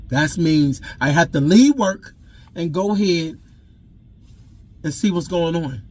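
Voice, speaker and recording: A father telling his own story in an intense, raw way, repeating himself and swinging between loud outbursts and hushed admissions. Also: on the high side, takes it slowly. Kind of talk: emotional personal storytelling to camera.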